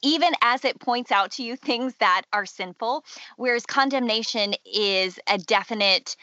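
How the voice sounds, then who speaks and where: A woman's voice: fairly high pitch, normal speed, pushed and bright, no echo, highs cut off. A middle-aged woman and mother, a guest on a faith podcast, speaking earnestly and acting out inner voices. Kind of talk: faith-based podcast conversation.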